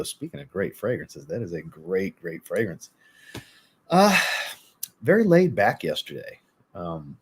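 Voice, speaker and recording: This fragrance livestream host speaks on the low side with a husky voice. In casual chat over viewer comments, he says hello to people by name, rants bluntly with profanity, and then apologizes.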